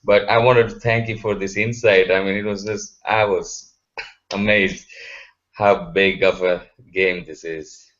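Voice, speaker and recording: A man's voice: low-pitched, fairly even intonation, measured pace, a bit bright, dull audio. A man asking his spiritual teacher a question, searching for words and restarting often. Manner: searching, hesitant, many restarts.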